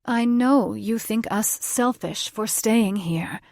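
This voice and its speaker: An anxious old grandmother witch from a fantasy audiobook, her voice lifted higher and louder than the narration. She sounds worried and fearful, with a gravelly edge. Dry studio sound. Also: slow pace, no room sound. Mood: pleading. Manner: fearful, sighing.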